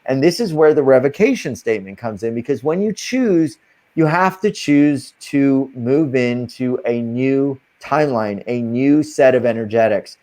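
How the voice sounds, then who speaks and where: A man with a voice of ordinary, middling pitch speaks as a guest on an interview. He talks casually but earnestly, laying out spiritual advice step by step. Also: expressive, unhurried, a little mellow.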